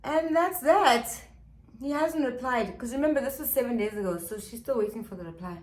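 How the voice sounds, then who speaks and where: A woman's voice: fairly high pitch, brisk. A woman vlogger telling a gossip story while doing her makeup at home, chatty with dramatic asides to viewers. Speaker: beauty vlogger. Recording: echoey room.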